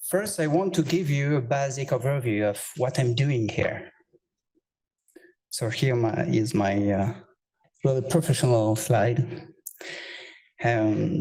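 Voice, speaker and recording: A man's voice: medium pitch, darkish tone. A man with a French accent, a postdoctoral researcher, giving a scientific talk full of hesitations, self-corrections and self-deprecating jokes.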